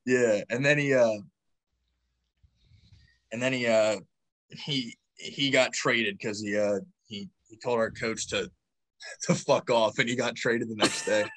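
A man's voice: medium pitch, steady tone, takes it slowly, long pauses, fairly bright tone. A young man, a college hockey player, talking casually and slangily on a podcast. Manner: laid-back, slangy, says "dude" often.

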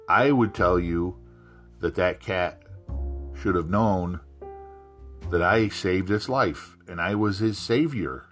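A middle-aged man hosting a podcast, telling animated, profane stories in a casual way. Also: rumbling low. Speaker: podcast host. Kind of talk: casual storytelling.

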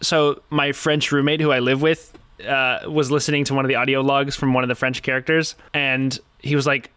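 Bright, crisp-voiced man chatting about games. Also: medium pitch, a little fast, few pauses, dry recording. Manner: joking, animated storytelling. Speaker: podcast co-host. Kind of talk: casual gaming podcast chat.

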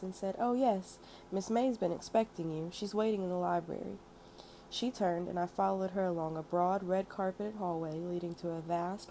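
A woman reading a first-person memoir aloud in a steady, measured storytelling manner. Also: fairly low pitch, a little hiss or hum, poor audio. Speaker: narrator. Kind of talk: audiobook memoir narration.

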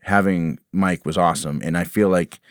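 A man's voice: low voice, steady tone, normal speed, no room sound, clean studio sound. A man, a band member talking casually in an interview, rambling with many restarts and "you know"s.

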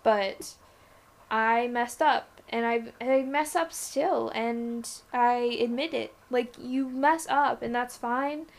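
A woman's voice: a little high, fairly even intonation, takes it slowly, creaky. A young woman co-hosting a podcast, chatting casually and rambling with lots of filler words. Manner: laughs often. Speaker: podcast co-host. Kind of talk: casual chat.

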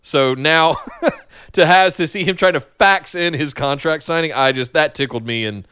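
A man's voice: fairly high pitch, normal speed, pushed and bright, clean tone, dry recording. A middle-aged man co-hosting a casual chat, giving earnest, enthusiastic opinions. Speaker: podcast co-host. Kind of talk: casual wrestling recap chat.

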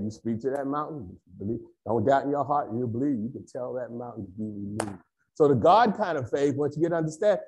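Male pastor, high voice, animated swings; AAVE; emphatic, repetitive sermon delivery. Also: husky.

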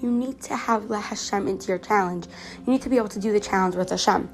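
A teenage girl from Canada talks through her own podcast in an earnest, chatty way, tripping over her words and restarting often. She is a little sick, and soft music plays faintly behind her. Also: medium pitch, fast. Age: teens. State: slightly sick. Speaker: podcast host. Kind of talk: casual personal podcast monologue.

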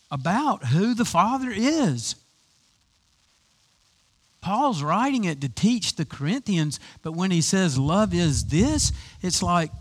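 A man's voice: high voice, slightly rough. A man preaching a conversational sermon, with frequent restarts and rhetorical questions. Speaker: pastor.

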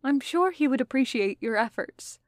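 A woman voicing a calm, precise young man who speaks in a measured, thoughtful way in a fan fiction audiobook. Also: high voice, no room sound, studio quality, voice pushed up.

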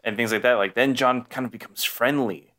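A man's voice: medium pitch, a little fast, bright, forceful tone. A man co-hosting a podcast, talking casually about a movie in a rambling way with many fillers and restarts. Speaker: podcast co-host. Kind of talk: casual film discussion.

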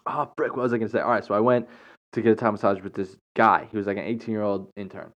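A man's voice: fairly low pitch, fairly even intonation, fast talker, fairly bright tone. A man hosting a podcast, telling a story in a casual, rambling way, full of fillers, restarts and chuckles. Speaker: podcast host. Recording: dull lo-fi recording.

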